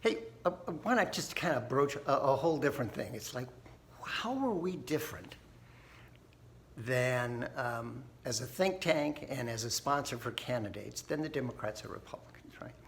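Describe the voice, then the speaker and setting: A man giving a casual, folksy talk straight to his audience, chuckling and asking "right?" now and then. His voice has a creaky, gravelly texture at an ordinary male pitch. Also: expressive, moderate pace, fairly bright tone, a little hiss or hum. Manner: chatty, folksy, laughs often, asks "right?". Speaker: think tank host.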